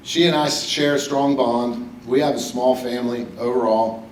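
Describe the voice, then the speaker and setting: At a podium in a banquet hall with an audience, a middle-aged West Virginia man delivers a personal, humorous speech accepting a hall of fame induction. He speaks at medium pitch, with fairly even intonation and a measured pace. The echoey recording is made from a distance, a bit off mic, with a little hiss or hum.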